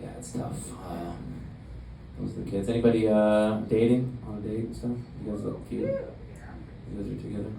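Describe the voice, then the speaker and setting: A young man works through a stand-up set with a deadpan, halting delivery, pausing on fillers between jokes. His voice sits a little low and is picked up from a distance. The club sounds roomy, with steady crowd noise and laughter behind him. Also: gravelly. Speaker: stand-up comedian. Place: comedy club stage. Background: audience laughter.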